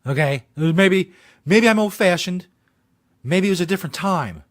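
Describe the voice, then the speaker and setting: A man hosting a comedic show, ranting about a video in profane, deadpan mock outrage. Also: high-pitched, moderate pace, no room sound, studio quality. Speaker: host.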